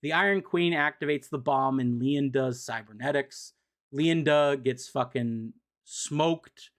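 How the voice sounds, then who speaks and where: A man's voice: medium pitch, unhurried. A young adult man recapping comic books in a loose, profane, filler-heavy way as a streamer. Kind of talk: casual chat.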